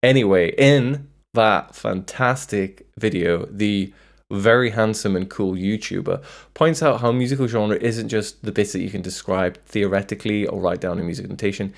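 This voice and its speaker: A man's voice: fairly low pitch, gravelly. A man narrating a scripted music video essay, with wry, self-deprecating asides.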